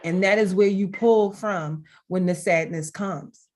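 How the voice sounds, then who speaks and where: A middle-aged woman on a video call, telling heartfelt stories in an expressive way and laughing now and then as she talks. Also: lowish voice, unhurried. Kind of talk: heartfelt conversational storytelling.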